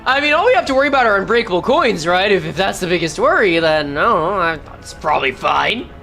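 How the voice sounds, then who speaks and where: Woman, game streamer, casual commentary, thinks aloud, self-correcting, animated voice. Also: mid-range voice, fast, gravelly, soft background music.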